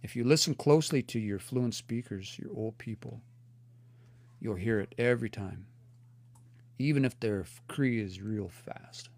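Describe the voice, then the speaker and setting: A man's voice: medium pitch, a little slow, creaky, a little mellow. Earnest man teaching live from home. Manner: thoughtful, earnest, restarts and repeats words while explaining. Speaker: language teacher on livestream. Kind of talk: casual live teaching, reading chat comments. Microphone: phone or computer mic for a livestream.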